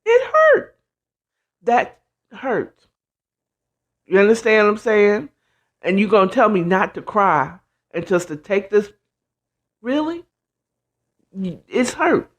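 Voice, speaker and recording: A woman hosting a casual advice talk, animated and blunt, acting out quoted voices and sprinkling in "child" and "you know what I'm saying.". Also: medium pitch, slow pace, long pauses. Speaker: host.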